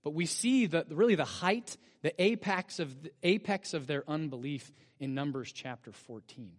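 This pastor's voice sits a little high, expressive and moderately paced, as he delivers a sermon with lively storytelling and rhetorical questions for his congregation. The sanctuary adds a long, hall-like reverb.

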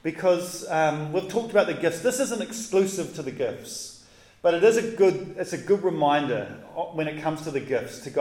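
A man preaching a casual, conversational sermon in relaxed, slangy talk with animated asides. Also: a little high, moderate pace. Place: church. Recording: roomy echoey hall.

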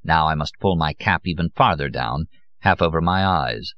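A man reading an audiobook in an expressive, theatrical way. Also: rumbling low, moderate pace, no room sound, highs cut off. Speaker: audiobook narrator.

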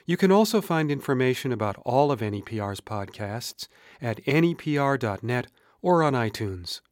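A male podcast host reading a scripted outro in a measured announcer manner. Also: mid-range voice, expressive, no room sound, clean studio sound. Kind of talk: scripted radio narration.

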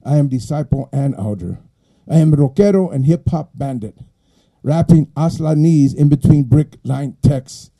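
A middle-aged poet with an East Los Angeles Chicano accent, giving a live reading. His voice sits a little high for a man yet sounds very dark and mellow. He swings from quiet, halting asides to forceful, rhythmic declaiming. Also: expressive, gravelly. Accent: East Los Angeles Chicano English. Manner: soft and halting when chatting, rising to forceful rhythmic declaiming in the poem.

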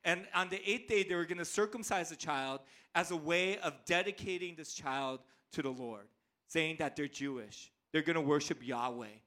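Male pastor, thirties, high bright voice, lively storytelling sermon. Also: moderate pace. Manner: animated, playful storyteller.

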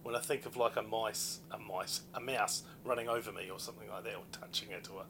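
A young man hosting a casual podcast chat, animated, laughing often and swearing freely. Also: fairly low pitch, a little fast, vocal fry, noisy background.

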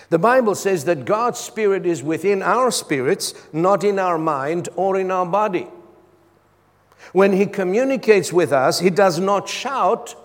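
A man preaching a sermon as a pastor, asking his congregation for responses between points. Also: sits high. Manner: preaching with call-and-response asides. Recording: long hall reverb.

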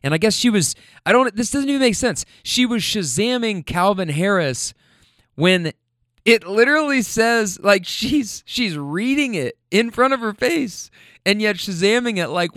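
A man from Louisville with no regional accent, telling a story in an animated, profane, self-mocking way, trailing into fillers. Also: high voice, a little slow, no echo, studio quality. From Louisville, Kentucky. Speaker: storyteller host. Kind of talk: casual comedic storytelling.

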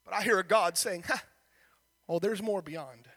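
A male pastor preaching a sermon, rising into shouted, sing-song cadences. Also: high-pitched, normal speed, big-room sound.

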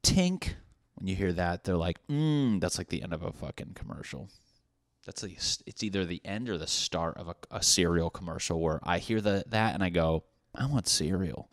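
A man's voice: deep voice, normal speed, no room sound, studio quality. A man hosting a solo comedy podcast, rambling through profane tangents with laughing asides. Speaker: podcast host.

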